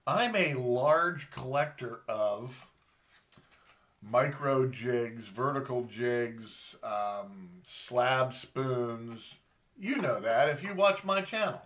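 A middle-aged man talks slowly in a bright, forward voice. He rambles in a folksy way, speaking straight to his viewers like a charter captain showing off his gear. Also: medium pitch, lively intonation. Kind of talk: casual show-and-tell vlog.

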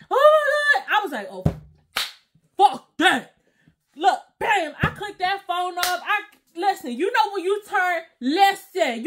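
A young woman storytime vlogger casually recounts a tale to her viewers in a high voice that swoops up and down. She acts out every quote with loud exclamations and slang.

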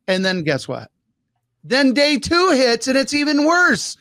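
A man co-hosting a casual business talk, telling lively stories and acting out his own quoted thoughts. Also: very high voice, normal speed, dry recording. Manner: animated storyteller, acts out quoted thoughts. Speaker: podcast co-host.

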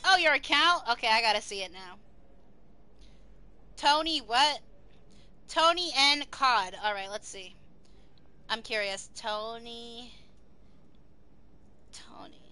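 A young woman streaming live, chatting excitably to her viewers, swearing freely and singing along to music now and then. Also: a little high, slow pace, pauses often. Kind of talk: casual live-stream chat.

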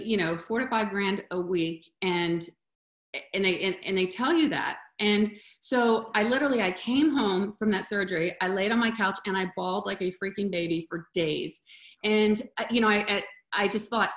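A woman's voice: medium pitch, fairly bright tone, reverberant. A woman presenting on a video call in a casual, heartfelt way, sometimes getting choked up. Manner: emotional, chokes up at times. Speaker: webinar presenter.

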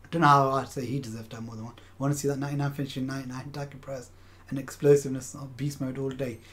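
A man's voice: mid-range voice, little pitch movement, racing. A young man commentating his own football video game match live, swearing often and talking to his chat as "lads". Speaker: game streamer.

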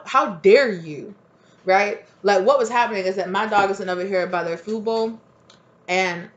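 Rambling tarot reader, slightly dull recording. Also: medium pitch. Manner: rambling, repetitive, full of "like" and "right?". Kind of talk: casual tarot reading monologue.

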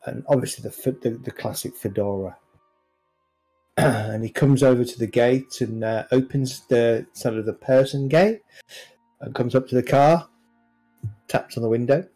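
A male game master narrates a tabletop game over an online call. His delivery is slow and descriptive, and his voice is mellow and dark. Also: medium pitch, soft background music, low-quality recording.

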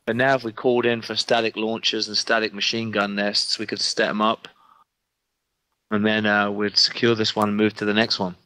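A man's voice: lowish voice, little pitch movement, normal speed, sharp tone, no room sound, poor audio. A man streaming a military game, chatting casually and thinking aloud as he plays. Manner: rambling, thinks aloud while playing. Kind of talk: casual gaming commentary.

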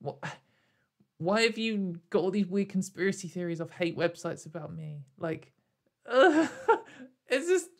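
Her voice is mid-range and creaky. She's a young YouTuber recording at home, addressing the camera with sarcastic, offhand commentary that rambles along, filled with fillers and regular bursts of laughter.

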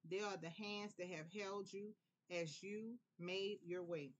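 A woman from New Orleans with a New Orleans accent, giving a relaxed, prayerful tarot reading in a conversational way. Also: mid-range voice, slow, muffled recording. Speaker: tarot reader. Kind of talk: casual spiritual tarot reading.

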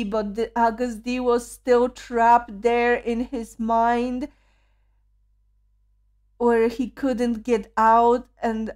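A woman's voice: a little high, darkish tone. A woman hosting a music video reaction, talking emotionally with frequent awed exclamations.

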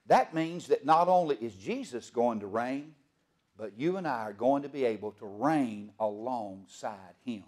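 A man preaching a sermon as pastor. He swings from loud proclaiming to hushed storytelling and asks the congregation rhetorical questions. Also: mid-range voice.

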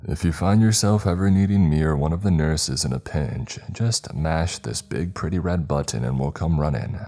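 A man's voice: very deep voice, moderate pace, mellow. A man doing a friendly, coaxing doctor.

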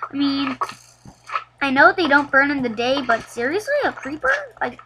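Excitable high-voiced woman gaming. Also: normal speed, background noise. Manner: chatty, excitable, laughs and sings along. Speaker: gameplay commentator. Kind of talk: casual gameplay commentary.

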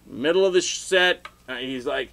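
Middle-aged man, casual vlog storytelling, rambling, animated, loud outbursts. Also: a little high, moderate pace. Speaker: vlogger telling stories.

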